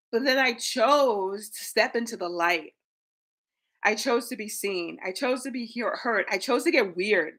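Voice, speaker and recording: Speaking to her livestream audience, a woman in her thirties who works as a spiritual coach delivers a lively, sermon-like talk peppered with casual swearing. Her voice is a little high and has vocal fry.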